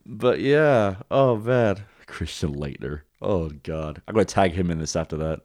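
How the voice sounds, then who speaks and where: Low-voiced man, rambling podcast chat. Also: lively intonation, measured pace, darkish tone, no room sound, studio quality. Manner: rambling, swears casually, laughs at own jokes. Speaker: podcast co-host. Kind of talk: casual chat.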